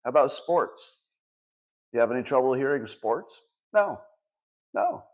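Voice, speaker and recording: A man in his sixties hosts a solo commentary show in a loose, conversational way. He speaks at a middling pitch and leans on sarcasm, firing off rhetorical questions and answering them himself. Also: very animated, a little slow. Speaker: host.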